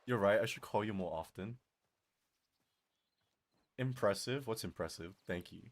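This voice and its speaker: Chatting casually with viewers during a live stream, this man is animated and laughs at the drop of a hat. His pitch is fairly low, and his voice sounds strained and increasingly tired.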